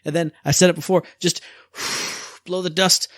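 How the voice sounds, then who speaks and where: A man's voice: high voice, fairly even intonation, moderate pace, fairly bright tone, dry recording. A man co-hosting a gaming podcast in casual chat, upbeat and enthusiastic. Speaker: podcast co-host.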